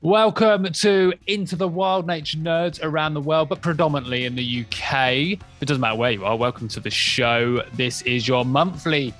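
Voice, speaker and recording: A man co-hosting a nature podcast, chatty, jokey and quick to laugh at himself. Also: on the high side, a bit bright, soft background music. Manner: jokey, laughs often, self-deprecating. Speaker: podcast co-host. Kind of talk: casual chat.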